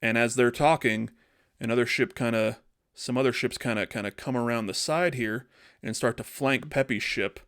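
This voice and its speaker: A man's voice: medium pitch, fairly even intonation, fairly bright tone, no echo, clean studio sound. A man co-hosting a podcast, telling a story in a loose, rambling way on a podcast mic. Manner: loose and rambling, slipping into quick character voices. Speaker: podcast co-host. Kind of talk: casual improvised storytelling.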